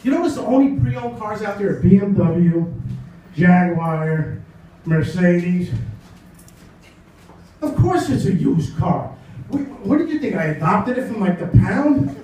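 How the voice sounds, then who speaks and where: A man's voice: high voice, measured pace. A man performing a stand-up comedy set, telling stories and acting out the dialogue with lots of energy. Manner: animated storytelling, acts out dialogue. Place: comedy club. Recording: echoey club from a far mic. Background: audience laughter.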